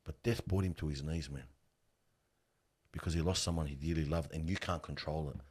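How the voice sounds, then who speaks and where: In a casual interview, a middle-aged funeral worker with a slightly rough bass voice speaks fairly quickly. He tells his stories with earnest animation, regularly calling the listener "bro."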